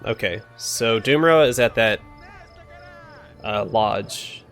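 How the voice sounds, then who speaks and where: A man's voice: on the low side, slow pace, pauses often, a bit bright, soft background music. A man hosting a let's play, thinking aloud with fillers and self-corrections as he plays. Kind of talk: casual gameplay commentary.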